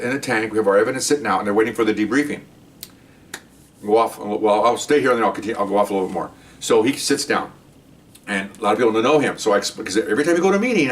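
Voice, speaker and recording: A man's voice: on the low side, a bit bright, far from the mic. An older man, a retired police detective, telling stories from his career in a blunt, wry way and acting out both sides of the conversations. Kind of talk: casual storytelling.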